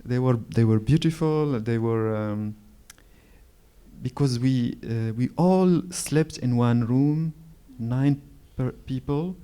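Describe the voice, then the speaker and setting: Slow-spoken man in his forties. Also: mid-range voice, warm tone, clear, resonant tone. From Morocco. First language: Moroccan Arabic. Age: 40s. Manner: searching for words, frequent restarts and pauses. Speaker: author speaking at a literary event. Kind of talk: reflective storytelling on stage.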